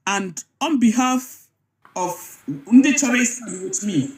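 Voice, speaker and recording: A man's voice: high-pitched, animated, slow, echoey room. A Nigerian man speaking emotionally and emphatically in a live online discussion. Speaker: participant apologizing in a live chat.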